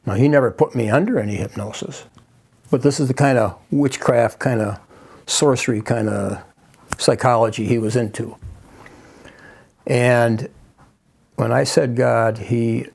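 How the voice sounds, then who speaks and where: An older man with a gravelly, creaky voice at a middle pitch recounts his past as a guest. His telling is halting, with frequent restarts and asides. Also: a little mellow. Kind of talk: personal storytelling.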